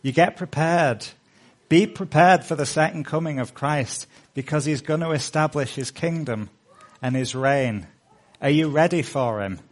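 A middle-aged male pastor preaching a sermon with earnest, rising appeals, then leading a hushed prayer. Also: fairly high pitch, measured pace.

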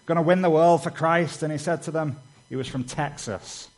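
A man's voice: a little high, normal speed, rough recording. A man preaching a sermon in a conversational way, dropping in "you know" asides and acting out stories in a raised voice. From Britain. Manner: acts out quoted dialogue with raised voice.

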